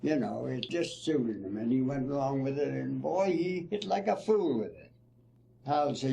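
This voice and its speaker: A man's voice: mid-range voice, animated, normal speed, gravelly, warm tone, slight background noise. An older man, a former ball player, telling folksy stories in an interview. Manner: folksy storytelling, "see?" and "you know". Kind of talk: reminiscing interview.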